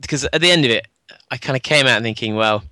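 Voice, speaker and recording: Man, bright animated storyteller. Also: mid-range voice, fast, dry recording. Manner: animated, acts out quoted dialogue in raised voice. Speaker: podcast co-host and former reality show contestant. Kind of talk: casual storytelling chat.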